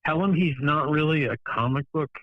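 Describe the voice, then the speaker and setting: A man's voice: on the high side, fairly quick, dry recording, phone-quality sound. A man co-hosting a show, goading and needling his partner in casual banter.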